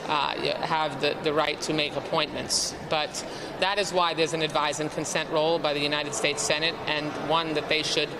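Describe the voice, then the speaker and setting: A woman politician answering interview questions in a measured, halting, formal way. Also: deep voice, level tone. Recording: noisy outdoor street audio.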